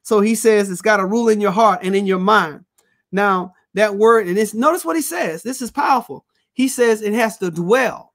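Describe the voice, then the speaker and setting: A man's voice: high voice, moderate pace, fairly bright tone. A male pastor teaching a Bible study, preaching with call-and-response phrases and reading scripture aloud.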